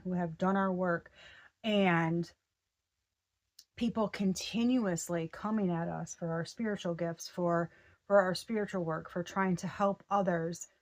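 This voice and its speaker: Excitable woman giving a tarot reading. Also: lowish voice, measured pace. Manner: excitable, breaks off mid-sentence and restarts; slangy and profane. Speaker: tarot reader. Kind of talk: casual spiritual reading.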